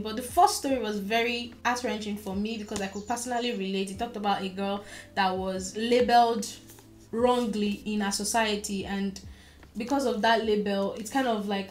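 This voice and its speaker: A young woman chatting casually about books she has read, gushing and repeating words for emphasis. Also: mid-range voice. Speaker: book reviewer. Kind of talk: casual book review chat.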